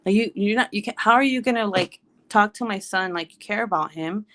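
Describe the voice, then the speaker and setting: A woman's voice: medium pitch, fairly quick. Thirty-something woman rambling through a story to her viewers, lots of acted-out quotes. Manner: animated storytelling with laughs and quoted voices. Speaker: vlogger. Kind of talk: casual chat.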